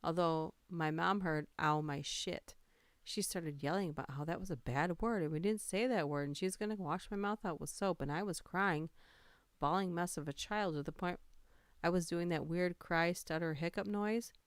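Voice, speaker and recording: A woman's voice: fairly low pitch, moderate pace, clean tone, no room sound. A woman hosting a casual livestream, reading funny stories aloud, laughing and greeting her chat.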